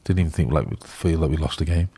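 Middle-aged man, Liverpool accent, very low voice, rapid rambling delivery. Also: breathy edge. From England. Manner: excitable, rambling storyteller. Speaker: youth football scout. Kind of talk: casual podcast chat.

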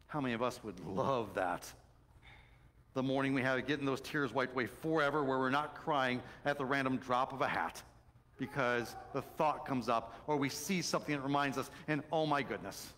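A middle-aged man preaching a sermon as pastor, telling stories animatedly and swinging between loud excitement and soft, hushed moments. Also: medium pitch, normal speed. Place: church sanctuary. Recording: long church reverb.

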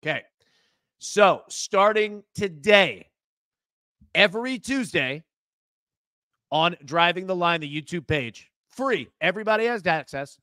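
A man's voice: sits high, sharp tone, no echo, clean studio sound. A man co-hosting a live sports betting show, upbeat as he explains picks and announces new content. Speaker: co-host.

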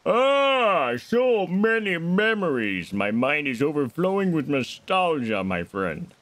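A man's voice: on the high side, big pitch swings, takes it slowly, fairly bright tone, exaggerated voice. A man voicing a giant, regal old fish king, using formal old-fashioned speech. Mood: wistful. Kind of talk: voicing game dialogue on a stream.

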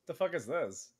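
A man's voice: fairly high pitch, slightly rough. Laid-back laughing male stream host. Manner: laughs often, swears casually. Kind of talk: casual gaming stream chat.

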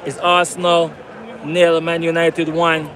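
High-voiced man livestreaming from a stadium. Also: monotone, unhurried. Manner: repetitive, hyping, begs for likes. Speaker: football fan livestreamer. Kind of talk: live match commentary stream. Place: stadium stands among fans. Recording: loud crowd and outdoor noise. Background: stadium crowd.

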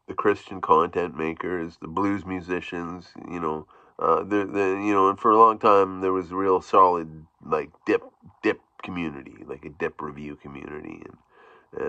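A man chatting casually in his own vlog, rambling with frequent restarts and soft chuckles. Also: low-pitched, dry recording. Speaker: YouTube vlogger. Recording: dull, dry, lo-fi sound.

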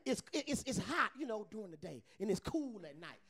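A man with a strikingly high, soft voice performs brash, profane stand-up. His delivery leaps up and down in pitch with a bright, sharp tone. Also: a little fast, gravelly, slightly rough. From Tuscaloosa, Alabama. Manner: brash, profane, animated storytelling. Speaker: stand-up comedian. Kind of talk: stand-up comedy set. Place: comedy club stage.

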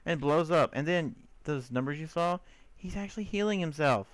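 A young man giving excitable, cursing gameplay commentary and talking to himself as he plays. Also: on the high side, normal speed, no room sound. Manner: excitable, swearing, talks to himself and the mobs. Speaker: let's player.

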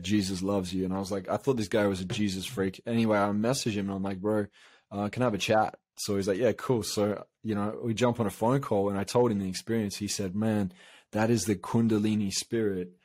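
A man's voice: on the low side, fairly even intonation, a little fast, darkish tone, no room sound. A man from Australia, a coach, telling a long personal story in a casual interview, rambling with many fillers and restarts. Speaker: guest, coach.

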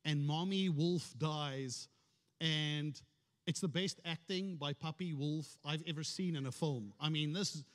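A man's voice: fairly high pitch, unhurried, a bit bright, long reverb tail. A man preaching a sermon as a pastor, in a conversational storytelling way with touches of humor. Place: church sanctuary.

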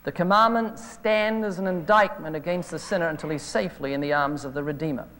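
A high-voiced evangelist preacher delivers a sermon full of anecdotes, speaking fairly quickly and animatedly retelling phone calls as stories. Hall reverb from an old videotape colors the recording.

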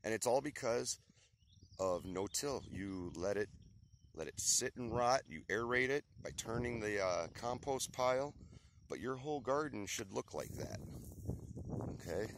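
Low-voiced man vlogging outdoors, winded. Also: animated, measured pace. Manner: chatty and emphatic, often checks in with "okay?". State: out of breath after hard work. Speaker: lawn care and garden business owner. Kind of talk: casual outdoor vlog, showing and explaining. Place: open field outdoors. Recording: outdoor recording with clear background noise.

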